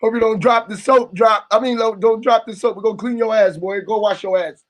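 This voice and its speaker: A man's voice: high voice, steady tone, fairly quick. A young man streaming live, rambling and joking crudely, often laughing between lines. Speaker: livestreamer. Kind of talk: casual livestream banter.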